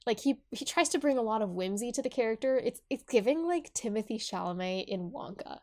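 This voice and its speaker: A woman's voice: fairly high pitch, expressive, fairly quick, a little mellow. Chatty young woman podcaster. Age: 20s. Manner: chatty, many fillers and restarts. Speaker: podcast co-host. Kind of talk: casual chat.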